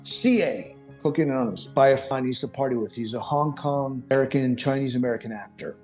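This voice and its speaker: A man's voice: mid-range voice, quick pace, soft background music. Rambling middle-aged man telling his story. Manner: rambling, animated, with self-corrections. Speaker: podcast guest. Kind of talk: personal storytelling.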